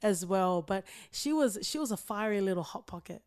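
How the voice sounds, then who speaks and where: A woman's voice: medium pitch, expressive, moderate pace, a little mellow. Giggly, chatty woman podcast host. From outside the United States. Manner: chatty, many fillers and giggles. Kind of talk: casual chat.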